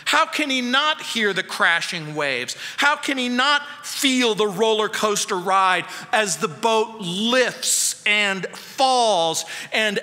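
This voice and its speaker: A man, the pastor, preaching a sermon and piling up rhetorical questions, with his voice swinging between loud and soft. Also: high-pitched, animated, slow, hardly any pauses, long reverb tail.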